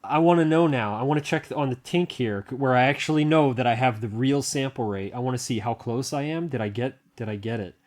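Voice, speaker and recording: A man giving a casual hands-on tech walkthrough, thinking aloud and rambling with fillers and restarts, excitable and quick to laugh. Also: medium pitch. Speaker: hobbyist video maker.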